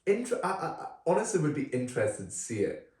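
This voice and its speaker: A man co-hosting a podcast, reviewing films in a relaxed, chatty way with frequent fillers. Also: a little high, fast. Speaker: podcast co-host. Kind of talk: casual film review chat. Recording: roomy, distant from the mic.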